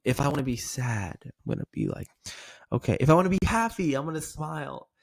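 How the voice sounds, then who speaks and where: Sales trainer, male, mid-pitched voice, demonstrative coaching delivery, acts out sample lines. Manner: coaching, repeats "okay?" often.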